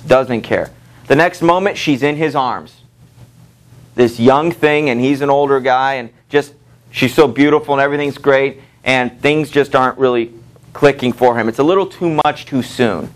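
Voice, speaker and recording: A middle-aged man teaching a high school literature class in a casual, conversational way, full of fillers and quick checks with the students, reading quotes aloud with lively jumps in pitch. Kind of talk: classroom lecture.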